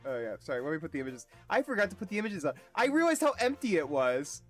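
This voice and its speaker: Lively, swearing male game streamer. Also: a little high, faint music behind. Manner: profane, self-mocking, quick asides to chat. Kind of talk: casual game livestream chat.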